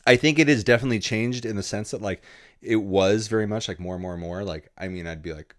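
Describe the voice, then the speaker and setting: A man telling travel stories in a relaxed, casual way in a podcast interview, often swearing and acting out what people said. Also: lowish voice, a little fast. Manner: laid-back, swearing, acts out dialogue. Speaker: guest photographer.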